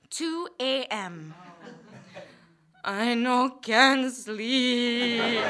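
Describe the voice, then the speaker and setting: High, lively woman with Hawaiian Pidgin accent. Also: noisy background. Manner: mock-dramatic, switching between pidgin and prim standard speech. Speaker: comedian. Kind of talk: stand-up comedy monologue.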